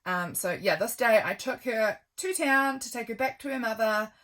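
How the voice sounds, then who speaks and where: A woman's voice: a little high, moderate pace, a bit bright. Chatty, rambling woman vlogger. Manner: rambling and affectionate, with frequent ums. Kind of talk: chatty journal flip-through.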